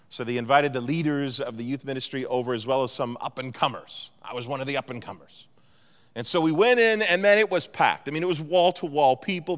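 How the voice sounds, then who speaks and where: A man with a smooth, mid-range voice preaches a sermon as a pastor, telling stories and animatedly acting out what people said. Long hall reverb fills the recording.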